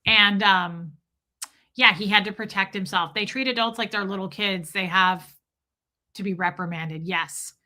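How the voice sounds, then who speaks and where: A woman's voice: medium pitch, unhurried, bright, forceful tone. A woman hosting a casual livestream, chatting emotionally and reading out viewer comments, with frequent restarts.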